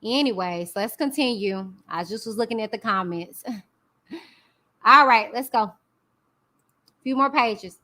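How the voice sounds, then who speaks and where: A young woman vlogger with a high, piercingly bright voice. She talks to her viewers in a chatty, slangy way, taking her time as she reads a legal document aloud and drifts into unhurried commentary. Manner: chatty, addresses viewers directly, slangy asides. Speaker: YouTube commentary host. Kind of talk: casual commentary reading a court document aloud.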